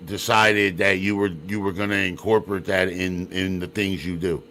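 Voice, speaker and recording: Blunt, low-voiced male host. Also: flat delivery, normal speed, pushed and bright, a little hiss or hum. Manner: casual, blunt, reacts with swearing. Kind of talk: casual interview chat.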